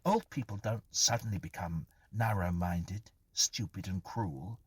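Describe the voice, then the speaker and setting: A man's voice: low-pitched, unhurried, breathy edge, no room sound, heavily acted. A man voicing a nervous, infatuated young man in a spoken ghost story, earnest and defensive. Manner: earnest, defensive, eager to please.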